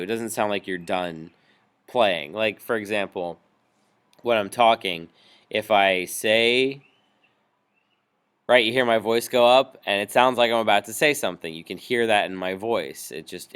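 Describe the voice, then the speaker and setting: A man teaching a music software tutorial, explaining each step patiently with frequent ums. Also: fairly low pitch, measured pace, clean tone. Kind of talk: screen-recorded software tutorial.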